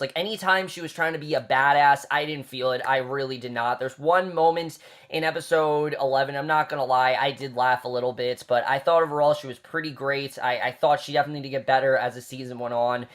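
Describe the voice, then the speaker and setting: A man's voice: mid-range voice, steady tone, fast talker, few pauses, a bit bright. A man giving a casual, chatty review of a TV season, talking off the cuff with lots of fillers and repeated phrases.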